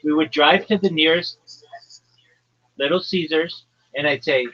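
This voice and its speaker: A man from New Jersey, hosting a livestream and ranting crudely in a loud, brash, profane comedic tone. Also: on the high side, measured pace, highs cut off. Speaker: livestream host.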